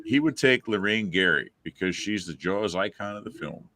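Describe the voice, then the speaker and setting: Deep-voiced man hosting a lively chat. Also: normal speed, no room sound. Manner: leads the discussion and poses questions to guests and viewers. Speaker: podcast host. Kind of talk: live fan chat show.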